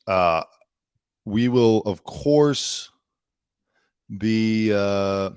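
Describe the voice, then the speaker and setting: Guy hosting his news show, kinda low voice, dry mic, snarky and opinionated. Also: measured pace, no echo. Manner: opinionated, chatty, sarcastic asides. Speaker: host. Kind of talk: casual news commentary.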